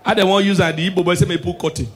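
A man with a Nigerian accent doing stand-up comedy, telling animated stories and bursting into shouted punchlines. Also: high voice, very fast.

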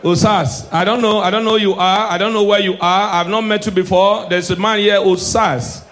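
A man with a Nigerian accent performing stand-up comedy, swinging between hushed asides and shouted punchlines. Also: high voice, steady tone, moderate pace, a little hiss or hum.

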